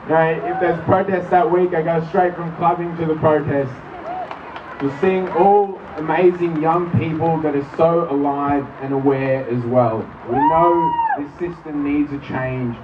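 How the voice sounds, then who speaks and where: A young Australian man giving an earnest, nervous, halting protest speech outdoors. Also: fairly high pitch. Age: young adult. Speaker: rally speaker. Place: outdoor street rally in rain. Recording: distant muffled mic, loud crowd and noise.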